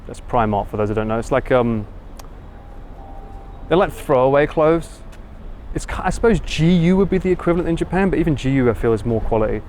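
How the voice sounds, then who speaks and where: A man's voice: medium pitch, animated, brisk, darkish tone, a little hiss or hum. A man with an Essex accent chatting casually on a live stream, reading and answering viewer comments as he walks. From England. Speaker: livestream host. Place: outdoors on a city street.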